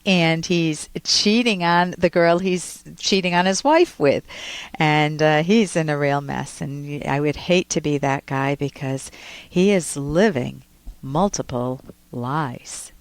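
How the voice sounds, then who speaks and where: A woman hosts a psychology advice show on the radio. She coaches the caller with emphasis and acts out sample lines for him. Her voice sits fairly low, and the studio sound is dry. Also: dry recording. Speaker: radio call-in host, psychologist.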